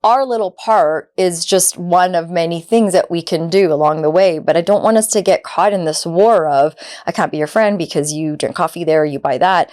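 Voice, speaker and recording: Earnest woman podcast host, lowish voice. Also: normal speed. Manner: earnest, conversational, with fillers like "like" and lively quoted dialogue. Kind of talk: reflective podcast monologue.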